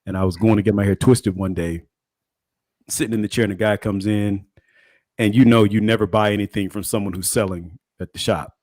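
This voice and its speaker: A man's voice: lowish voice, fairly even intonation, a little fast, a little mellow, dry recording. A man on a podcast telling a wry story in a casual, dry way. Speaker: podcast co-host.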